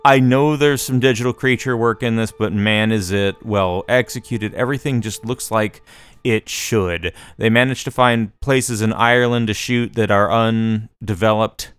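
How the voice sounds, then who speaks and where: A man co-hosting a podcast, chatting casually about movies and telling the story with emphatic, animated delivery. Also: lowish voice, normal speed, smooth, no room sound. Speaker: podcast co-host. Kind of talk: casual movie review chat.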